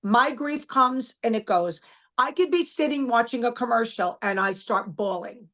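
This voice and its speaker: A woman's voice: a little high, expressive, moderate pace, fairly bright tone. A middle-aged woman, a guest and author, talking bluntly and emphatically in a casual interview, repeating her points.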